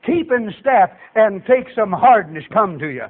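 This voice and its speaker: A man preaching a folksy storytelling sermon, acting out voices and building to shouts. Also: high-pitched, very animated, a little slow, breathy edge. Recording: tinny phone-like radio broadcast.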